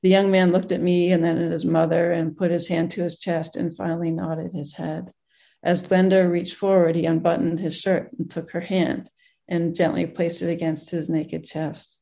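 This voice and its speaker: A group teacher reading a moving story aloud in a gentle way, with pauses and restarts. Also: medium pitch, little pitch movement, vocal fry.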